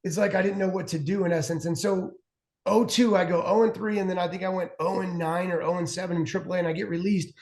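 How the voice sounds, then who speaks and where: A man in his forties, a former pitcher who is a guest on a show, telling long stories in a rambling way with many restarts and fillers. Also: steady tone, fast talker, darkish tone. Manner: rambling, restarts a lot, heavy "like". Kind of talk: casual storytelling chat. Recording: roomy echo.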